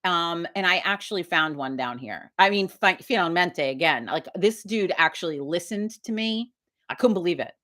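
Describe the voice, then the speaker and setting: Woman, livestream host, lowish pitch, blunt, swears a lot, animated storytelling. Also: moderate pace. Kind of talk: casual live-stream chat.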